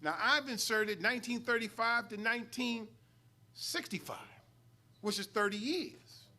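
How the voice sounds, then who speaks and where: Emphatic preaching man, bright high voice. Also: unhurried. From New York. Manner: preacherly, rising emphatic swells and call-outs to the congregation. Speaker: student minister. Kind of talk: sermon-style study lesson. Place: mosque hall.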